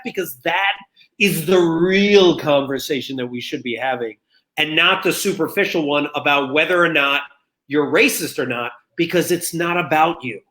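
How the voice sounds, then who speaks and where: Bright, animated man telling a story. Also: fairly high pitch, normal speed. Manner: animated storytelling, acting out quoted voices. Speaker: guest. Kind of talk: conversational interview.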